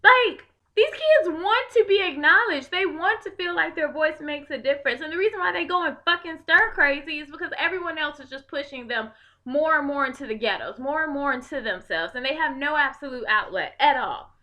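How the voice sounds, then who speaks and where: A woman's voice: high-pitched, brisk, pushed and bright. A young woman from Chicago giving an impassioned, blunt political rant to the camera and swearing freely. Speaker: video blogger.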